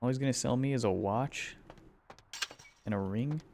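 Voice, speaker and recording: A male streamer commenting live on a game, his medium-pitched voice gravelly with fry. He cracks jokes at the characters, with faint rain noise in the background. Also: moderate pace, darkish tone. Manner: joking, wisecracking asides to the game.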